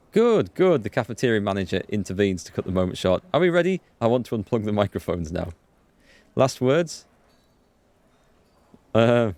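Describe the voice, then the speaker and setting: A man's voice: lowish voice, darkish tone, no room sound. A man hosting a let's play, reading game text aloud and commenting casually with frequent chuckles.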